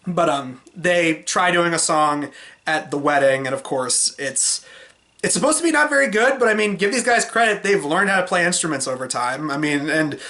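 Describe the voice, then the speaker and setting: A young man talking casually and at length in a movie review vlog, rambling and sometimes mimicking cynical voices in a high pitch. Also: lively intonation, moderate pace, bright, forceful tone. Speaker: movie vlogger.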